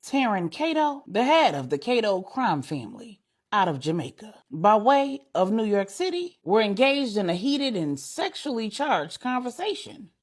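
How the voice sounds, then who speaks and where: A woman storyteller reading an adult bedtime story with dramatic, animated delivery. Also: mid-range voice, normal speed.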